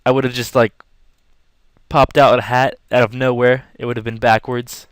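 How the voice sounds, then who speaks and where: A man's voice: medium pitch, a little slow, clean tone, dry recording. A young man telling a rambling, casual story to camera while drawing, acting out scenes as he goes. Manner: rambling, animated, acts out yelling. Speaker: vlogger.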